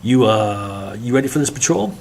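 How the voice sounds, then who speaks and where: A man's voice: mid-range voice, expressive, normal speed, creaky, a little mellow, a little hiss or hum, pitched above the performer's own voice. A man reading a bitter, scheming young naval officer who snaps orders and puts on forced friendliness. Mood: falsely friendly.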